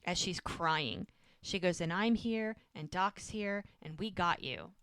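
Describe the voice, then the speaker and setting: Animated woman retelling a TV episode. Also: on the low side, takes it slowly, clear, resonant tone, no room sound. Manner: acts out characters' lines while retelling scenes. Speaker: podcast co-host recapping a show. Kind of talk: casual chat, animated retelling.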